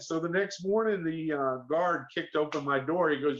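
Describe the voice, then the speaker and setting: A man's voice: fairly high pitch, normal speed. A middle-aged man from Miami with a Southern accent, telling stories as an interview guest and acting out the voices he quotes. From Miami, Florida. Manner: animated storyteller who acts out quoted voices. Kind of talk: storytelling interview. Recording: slightly muffled podcast audio.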